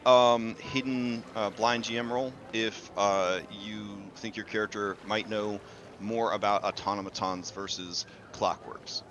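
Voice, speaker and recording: A man's voice: lowish voice, fairly even intonation, unhurried, background noise. A man acting as game master, narrating a tabletop game casually and using lots of filler words. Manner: casual, filler-heavy, explanatory.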